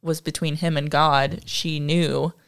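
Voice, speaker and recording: Woman with a gravelly, creaky voice. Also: low voice, level tone, unhurried, dry recording, studio quality. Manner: explains from notes with filler words and self-deprecating asides. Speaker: podcast co-host. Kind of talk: casual history discussion.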